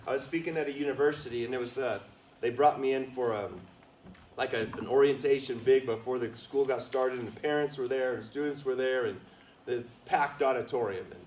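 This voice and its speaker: A man giving a lively storytelling talk as a motivational speaker, drawing answers from a small live audience. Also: medium pitch, brisk, reverberant, distant mic, slight background noise, poor audio. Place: retreat meeting room with a small audience.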